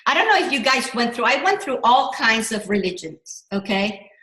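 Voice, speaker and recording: A middle-aged woman coaching a workshop, talking in an animated, rambling way with many restarts and self-corrections. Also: on the high side, moderate pace, reverberant, low-quality recording. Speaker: business coach. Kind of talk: motivational workshop talk.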